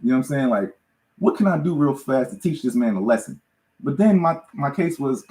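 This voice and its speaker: A man's voice: a little high, expressive, brisk, a little mellow. A man hosting a live podcast, telling stories casually, laughing often and often asking "you know what I'm saying". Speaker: podcast host. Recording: roomy echo.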